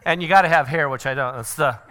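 A middle-aged man giving a church parenting seminar, animated and joking, often acting out what other people say. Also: on the high side. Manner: animated, acts out quoted voices. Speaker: seminar speaker.

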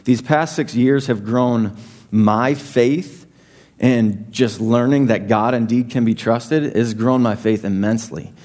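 A young man delivers a sermon in a relaxed, conversational way. He pokes fun at himself and throws in lively asides, at an everyday mid-range pitch. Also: takes it slowly. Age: young adult. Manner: conversational, self-deprecating, animated asides. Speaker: pastor.

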